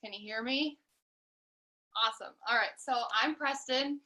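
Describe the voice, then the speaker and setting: Bright-voiced young Midwestern woman. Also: high voice, normal speed, poor audio. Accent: Midwestern American. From Midwest US (Iowa). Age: 20s. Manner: chatty, laughs often, many fillers. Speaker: guest speaker, new coach. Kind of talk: casual talk on a team call.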